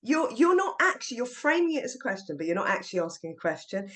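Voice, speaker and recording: Woman, middle-aged, teacher trainer, lively storytelling, podcast interview. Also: fairly high pitch, fast talker. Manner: lively storyteller acting out classroom voices.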